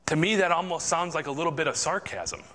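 A man's voice: on the high side, very animated, quick pace, bright, forceful tone. Man preaching in a reverberant hall. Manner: conversational, informal preaching. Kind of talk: sermon with Bible reading.

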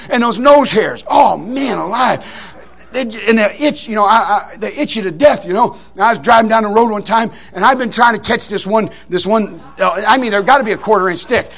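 A middle-aged man preaching a Baptist sermon in a folksy, animated way, repeating phrases and restarting his words. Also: sits high, normal speed, vocal fry.

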